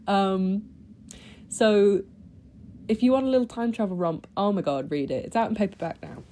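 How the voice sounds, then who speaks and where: This is a casual book review chat from a young woman vlogger, eager and talkative about what she read, with frequent ums and restarts. Her mid-range voice is mellow and moves at a moderate pace.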